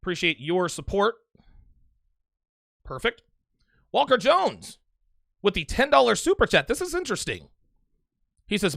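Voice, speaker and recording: Brash man hosting a live call-in show, high, gravelly voice, bright tone. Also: big pitch swings, unhurried, long pauses, no echo, studio quality. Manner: brash, emphatic, repeats himself. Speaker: livestream host reading super chats and taking calls. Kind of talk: casual live show chat.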